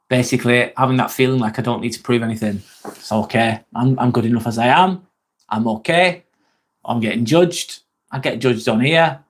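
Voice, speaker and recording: Chatty English man hosting a live stream. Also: medium pitch. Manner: chatty, swears casually, laughs often. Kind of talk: casual live chat reading comments.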